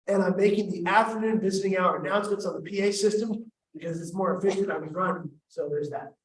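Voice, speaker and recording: A man with a high voice speaks quickly and with fairly even intonation, telling a personal story at a summit. He's wry and self-mocking, tossing in humorous asides and acting out the voices he quotes. The sound is echoey and distant, as if from far back in a hall, with faint noise.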